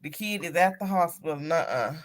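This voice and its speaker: A mother chatting on a livestream, telling lively stories about her kids and acting out the voices in them. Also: deep voice, brisk, a little hiss or hum. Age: adult mother. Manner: animated storyteller, acts out voices in stories. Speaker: livestream co-host. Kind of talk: casual livestream chat.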